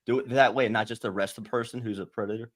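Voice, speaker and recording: A man cohosting a comedic talk show over a video call, who laughs often and talks his reasoning through out loud. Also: on the low side, steady tone, very fast. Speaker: co-host.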